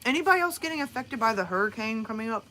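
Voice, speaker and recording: A woman's voice: fairly high pitch, lively intonation, racing, sharp tone, slight background noise. A woman from northern Alabama with a Southern American accent, chatting casually and rambling with viewers on a live stream, laughing often. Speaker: livestream host.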